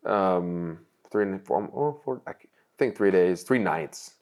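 Young guy with a low voice rambling through his story, lots of likes, gets emotional. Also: lively intonation, slow pace, a little mellow. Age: young adult. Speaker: guest. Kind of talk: candid interview storytelling.

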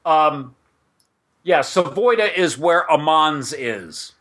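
Bright-voiced man hosting a game podcast. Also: fairly high pitch, lively intonation, slow pace. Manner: chatty, rambling, with asides to listeners. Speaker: podcast host and game master. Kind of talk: casual chat mixed with reading setting text aloud.

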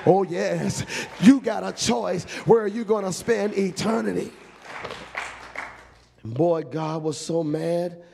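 A man's voice: high-pitched, slow pace, vocal fry, long pauses, noisy background. A male pastor preaching a fervent, emphatic sermon, telling a story with feeling.

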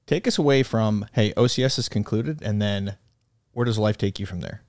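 A man's voice: lowish voice, moderate pace, no echo, studio quality. A man hosting an interview, asking questions in a casual way and summing up his guest's answers. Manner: friendly, prompting, recaps answers. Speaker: podcast host, interviewer.

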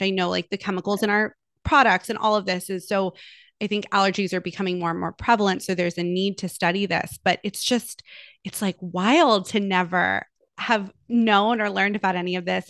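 A woman's voice: medium pitch, a bit bright, dry recording. Rambling woman podcast co-host, dry mic. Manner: rambling, thinks aloud with many fillers and "right?". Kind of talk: casual podcast chat.

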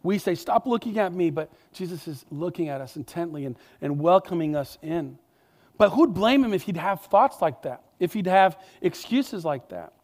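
A male pastor delivering a sermon with an animated, emphatic tone and conversational asides. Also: on the high side, normal speed.

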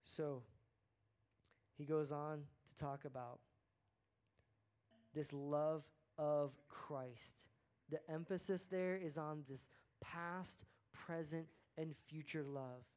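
A man's voice: a little high, steady tone, slow, pauses often, a little mellow, clean tone. Earnest conversational male preacher. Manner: conversational preaching, earnest, with repeated words and phrases. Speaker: pastor. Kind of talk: sermon.

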